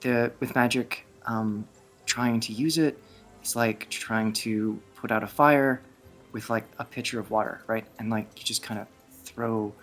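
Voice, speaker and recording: A man's voice: medium pitch, steady tone, a bit bright, faint music behind, lightly acted. A man voicing a rambling, geeky young healer girl. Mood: excited. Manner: rambling, halting, full of fillers. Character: excitable nerdy young woman healer.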